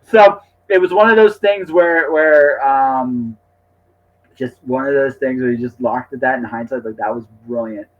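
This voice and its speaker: A man's voice: medium pitch, normal speed. A man in casual conversation, talking animatedly and repeating words as he jumps in with his opinions. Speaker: podcast co-host or guest. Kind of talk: casual chat. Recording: dull lo-fi audio.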